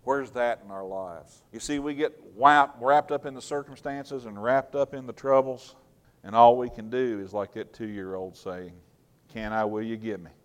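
Guy preaching a sermon, smooth resonant voice, earnest, gets loud then drops soft. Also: mid-range voice, moderate pace. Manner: earnest, emphatic preaching with sudden swings in loudness.

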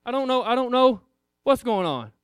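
A sighing, discouraged Jesus who stops and starts through his complaints, put on by a preacher. The voice sits high and smooth. It sounds close and dry. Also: very animated, dry recording. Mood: weary, self-pitying. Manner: sighing, halting, mopey complaints. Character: discouraged sighing Jesus, weary and self-pitying.

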